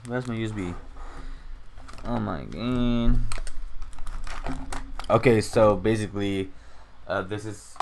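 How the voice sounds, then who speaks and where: A man's voice: lowish voice, noisy background. A young man casually talking through a game tutorial at home, rambling and swearing often. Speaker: gaming channel host. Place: home room.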